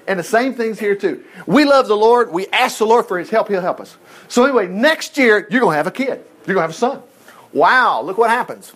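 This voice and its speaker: A middle-aged man preaching a sermon as pastor, telling stories in a folksy, animated way with chuckled asides. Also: sits high, a little fast.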